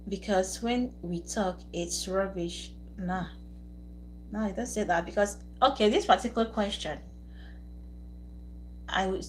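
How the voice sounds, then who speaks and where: A woman's voice: fairly low pitch, slight background noise, poor audio. A woman hosting a live stream, chatting casually with viewers, teasing them and laughing often.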